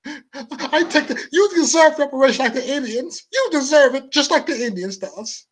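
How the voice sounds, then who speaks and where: A man's voice: very high voice, animated, moderate pace, pitched above the performer's own voice. A man voicing an overly apologetic activist who simpers and apologizes in a mock-tearful tone. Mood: simpering.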